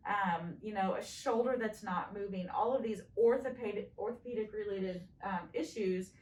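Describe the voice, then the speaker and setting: A woman hosting a casual panel talk, upbeat and chatty, quick to jump in. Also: medium pitch, a little mellow. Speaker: host. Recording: echoey room, distant mic, faint noise.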